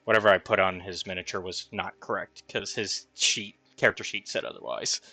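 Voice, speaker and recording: Bright-voiced male dungeon master. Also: sits low, steady tone, a little fast, slightly rough, no room sound. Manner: thinks aloud over rules, with fillers. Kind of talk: running a tabletop game session.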